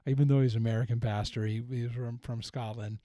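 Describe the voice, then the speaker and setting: A middle-aged male pastor talks through a point of faith in an earnest, reflective way, often circling back to restart his thought. His voice is warm and mellow. The sound is close and dry, with no room around it. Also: mid-range voice, steady tone, fast, dry recording. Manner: earnest, reflective, with frequent restarts and retold quotes. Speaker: pastor, podcast host. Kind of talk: conversational teaching on faith.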